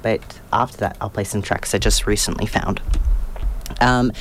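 A man's voice: on the low side, steady tone, moderate pace, fairly bright tone, a little hiss or hum. A young man hosting a casual community radio show, rambling and self-deprecating, laughing often. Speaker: radio host. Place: radio studio.

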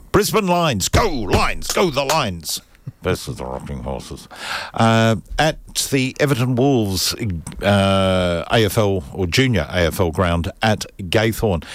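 A man's voice: low voice, no room sound. An Australian man hosting a community radio show in casual, jokey, rambling chat from a studio mic. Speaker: radio host. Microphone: studio microphone.

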